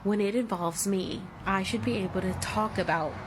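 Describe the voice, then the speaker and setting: A woman's voice: medium pitch, moderate pace, noisy background. A woman in her thirties telling her own story in a candid vlog, emotional and blunt, swearing freely. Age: 30s. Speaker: vlogger.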